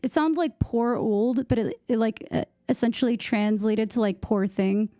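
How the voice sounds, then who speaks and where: A woman's voice: a little high, moderate pace, dark tone, no room sound, studio quality. A young American woman chatting casually with viewers on a game stream, giggling and trying out bits of French. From United States.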